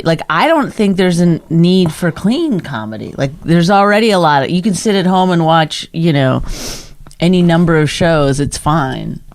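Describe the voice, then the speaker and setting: A woman's voice: on the low side, lively intonation, moderate pace. A female comedian co-hosting a podcast, chatting casually and wryly with plenty of fillers. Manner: casual, wry, with many fillers and asides.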